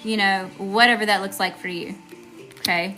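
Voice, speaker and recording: A woman's voice: mid-range voice, steady tone, normal speed, sharp tone, faint music behind. A woman giving a live tarot reading, chatty and informal, greeting viewers and often checking in with "okay?". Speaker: tarot reader.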